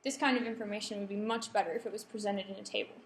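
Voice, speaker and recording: A woman's voice: mid-range voice, steady tone, rapid-fire. A woman giving a lecture to students, often checking in with the room and polling the audience. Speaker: workshop presenter. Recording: echoey room, faint background hum.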